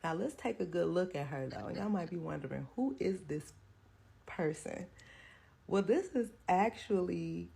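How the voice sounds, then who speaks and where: Woman social-video creator, husky gravel, gossipy and amused. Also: fairly low pitch, animated, measured pace, warm tone. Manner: gossipy, amused, talks straight to viewers. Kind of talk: casual social video commentary.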